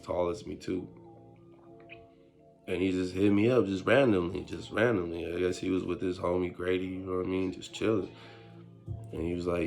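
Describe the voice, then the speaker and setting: Deep gravelly young man telling a story. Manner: street slang, animated retelling with quoted voices. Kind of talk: casual storytime.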